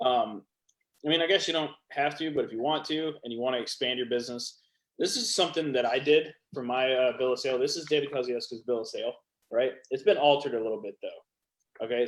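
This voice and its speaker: A man's voice: medium pitch, poor audio. Man hosting a show, talks straight to viewers as "guys", coaching tone. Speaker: host. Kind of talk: casual interview and coaching talk.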